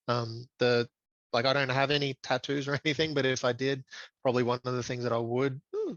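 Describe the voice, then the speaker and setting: A man's voice: mid-range voice, creaky, a bit bright, dry recording, highs cut off. A man talking as a podcast guest in a reflective, casual way, with frequent ums and restarts. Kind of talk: casual conversational interview.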